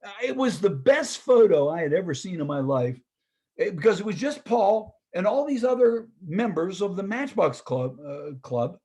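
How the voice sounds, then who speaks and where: An older man presenting a talk, telling a story with lively, acted-out quoted dialogue and a husky voice. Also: high voice, moderate pace. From Pittsburgh, US.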